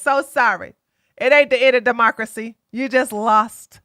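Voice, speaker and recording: Excitable, mocking woman streamer. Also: on the high side, normal speed, no room sound, clean studio sound. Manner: excitable, mocking, laughs loudly. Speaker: live stream host. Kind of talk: casual live-stream commentary.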